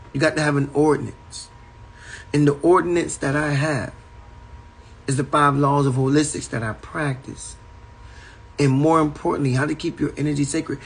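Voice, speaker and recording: A man's voice: medium pitch, breathy edge, low-quality recording. Man preaching with repetitive emphasis. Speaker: spiritual teacher. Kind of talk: preaching livestream monologue. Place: at home indoors.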